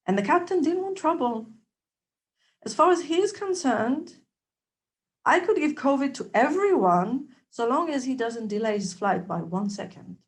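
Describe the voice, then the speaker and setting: A woman giving a testimonial, telling a personal story in an animated way, moving between soft asides and emphatic lines. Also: high-pitched, unhurried. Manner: animated, acts out dialogue, loudness swings between soft and emphatic. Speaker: trainee observer giving a testimonial.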